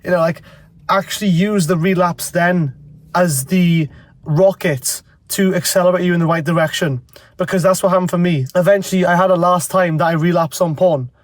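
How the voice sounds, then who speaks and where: A congested young man with a fairly high voice talks straight to camera. He rambles bluntly and swears freely. The sound is close and dry. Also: fairly even intonation, moderate pace, dry recording. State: congested from a cold. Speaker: self-improvement vlogger. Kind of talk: casual talking-to-camera advice.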